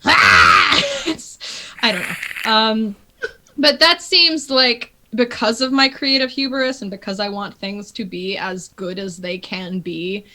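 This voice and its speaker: A woman with a Canadian accent, chatting casually and lively as a guest on a live stream. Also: on the high side, unhurried, slight background noise. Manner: lively, chatty, laughs often. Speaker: guest player.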